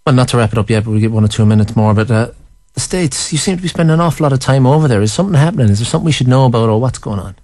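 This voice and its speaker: Fast-talking, joking male radio host. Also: medium pitch, animated, dark tone. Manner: joking, teasing banter. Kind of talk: live radio interview.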